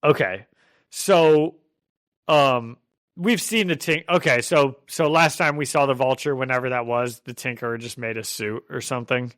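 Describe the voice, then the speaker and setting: A man hosting a casual comic book podcast, animated and quick to laugh. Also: mid-range voice, no echo, studio quality. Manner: animated, laughs often, acts out quotes. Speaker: podcast host.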